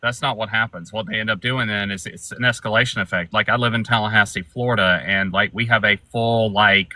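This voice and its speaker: A man's voice: lowish voice, fairly even intonation, fairly quick, pushed and bright, no echo. A man speaking as a guest in a casual discussion, explaining things with frequent fillers and restarts. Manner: explanatory, with many likes and restarts.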